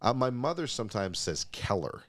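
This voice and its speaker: A man's voice: deep voice, very animated, no room sound, clean studio sound. A man in his forties from the Pittsburgh area, co-hosting a casual chat in an easygoing, teasing way. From Pittsburgh area, USA. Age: 40s. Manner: easygoing, teasing, quick back-and-forth. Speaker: co-host.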